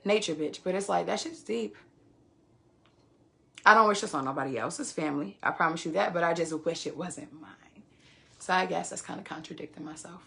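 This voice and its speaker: A woman's voice: on the low side, fairly quick, vocal fry, pushed and bright. A woman, telling a story on a phone livestream in a profane, emphatic way. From Queens, New York. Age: 20s. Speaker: live streamer.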